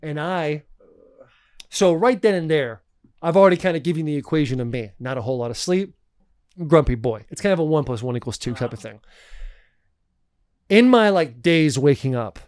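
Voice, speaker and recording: A man's voice: fairly high pitch, normal speed, long pauses, clean tone, no echo, clean studio sound. Laughing, profane man spinning a story. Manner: animated, profane, laughs often. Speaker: podcast co-host. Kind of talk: casual storytelling chat.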